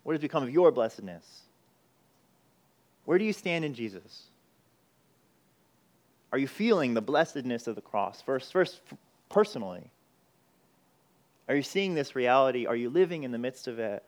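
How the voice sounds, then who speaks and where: A pastor with a mid-range, sing-song voice preaches a sermon at normal speed, pausing often. He's earnest and conversational, poses rhetorical questions, and frequently restarts phrases and repeats words.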